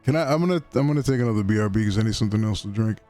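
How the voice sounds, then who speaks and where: A man streaming himself playing a video game, making unhurried, self-mocking asides. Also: fairly low pitch, expressive, a little mellow, soft background music. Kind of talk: live game stream commentary.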